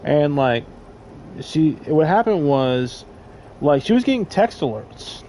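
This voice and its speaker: A man's voice: on the high side, very animated, slow pace, slight background noise, poor audio. A young man telling a crude, rambling story in casual chat, trailing off with fillers. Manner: rambling, crude, loud laughing bursts.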